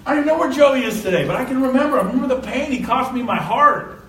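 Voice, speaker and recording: An older man giving a motivational real estate talk to an audience, telling lively stories and breaking into shouts and laughs. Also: very high voice, fast, a little hiss or hum. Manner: animated storyteller, shouts and laughs. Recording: echoey room from a distance.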